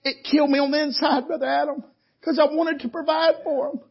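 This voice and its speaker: A man's voice: extremely high pitch, level tone, a little fast, gravelly, highs cut off. A man preaching at a camp meeting, telling folksy down-home stories and calling out to the congregation. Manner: folksy, down-home, calls for audience response. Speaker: traveling preacher. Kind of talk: sermon storytelling.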